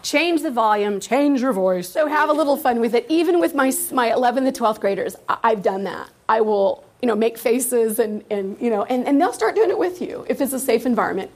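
A middle-aged woman teacher giving an informal workshop talk to fellow teachers. Her voice sits somewhat high. She talks in a lively, easy way and slips into little voices as she acts out her students' answers. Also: fairly quick, few pauses.

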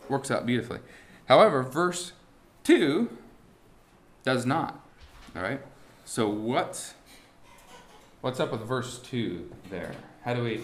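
A man teaching a class on musical timing, talking haltingly with many restarts and asking the students rhetorical questions. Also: medium pitch, echoey room, slight background noise. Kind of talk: classroom lesson on beat patterns. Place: warm indoor classroom.

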